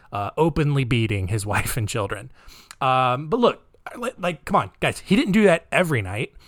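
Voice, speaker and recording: A man hosting a podcast, telling a dark story in a casual, rambling, joking way with many fillers. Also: fairly high pitch, no room sound, clean studio sound. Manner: rambling, jokey, lots of fillers. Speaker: podcast host.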